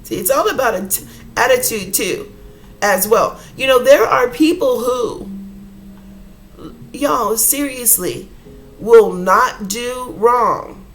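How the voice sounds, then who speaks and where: A woman's voice: a little high, takes it slowly, long pauses, a little hiss or hum, low-quality recording. A woman hosting an inspirational podcast, talking casually and earnestly in a rambling way, calling her listeners y'all. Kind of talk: casual motivational talk.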